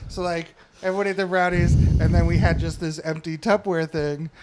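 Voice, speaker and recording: A man's voice: on the high side, fairly even intonation, a little fast, heavy background noise. A man in casual podcast chat, telling stories in an upbeat way and laughing at his own tales. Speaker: podcast co-host.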